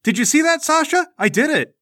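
An eager young boy, bold and boastful, leaping up high with every brag, as a man puts him on for a tabletop game. The tone is bright and forward. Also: measured pace, dry recording, studio quality, exaggerated voice. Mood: thrilled. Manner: excited, boastful.

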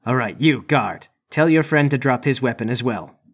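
A man's voice: medium pitch, lively intonation, moderate pace, fairly bright tone. A man playing a tabletop game, speaking in character in a dry, understated way. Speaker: player.

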